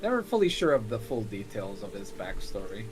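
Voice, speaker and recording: A man's voice: lowish voice, big pitch swings, fairly quick. A man playing a tabletop game, chatting casually in a rambling way with restarts and frequent laughs. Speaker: player.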